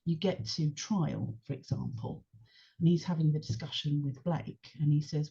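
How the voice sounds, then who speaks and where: A woman speaking as a podcast guest in casual chat, engaged and animated as she retells scenes. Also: low voice, moderate pace, gravelly, husky. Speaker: podcast guest, longtime fan. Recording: dull lo-fi podcast audio.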